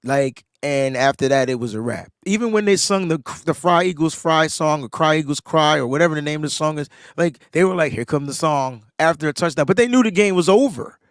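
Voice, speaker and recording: A man, a podcast co-host, telling a sports story in casual chat, animated and rising in pitch when he gets excited, a bit under the weather. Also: fairly quick, hardly any pauses, smooth, dry recording, studio quality.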